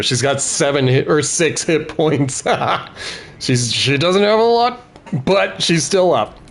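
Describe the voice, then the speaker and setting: Unhurried man talking through a game. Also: on the high side. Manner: thinks aloud about tactics, cheers on party members. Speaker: gaming video host. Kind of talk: let's-play commentary.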